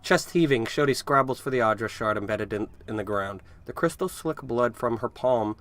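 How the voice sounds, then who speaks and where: A man's voice: mid-range voice, animated, moderate pace, a bit bright. A man hosting a let's play, reading game text aloud with casual, wry asides. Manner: casual, wry asides between read passages.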